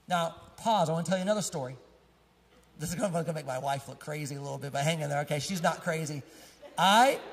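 A male pastor with a high, husky voice tells casual, joking stories from the pulpit and laughs easily along the way. His voice carries through a church sanctuary with a long, lingering echo. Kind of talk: storytelling sermon.

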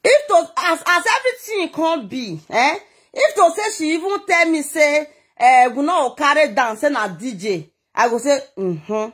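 Animated husky Nigerian Pidgin-speaking woman. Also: high-pitched, measured pace. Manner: dramatic, emotional, scolding. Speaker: vlogger. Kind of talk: animated gist monologue.

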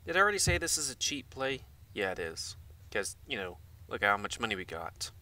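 A man's voice: on the low side, sing-song, brisk, pushed and bright, a little hiss or hum. A man giving rambling, casual let's-play commentary, muttering asides to himself and swearing now and then. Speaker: gaming channel host. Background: game music.

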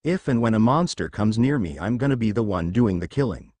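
A man voicing a brash, cocky young male ninja warrior who talks sarcastic and deadpan, in a read-aloud story. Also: on the low side, brisk, dry recording.

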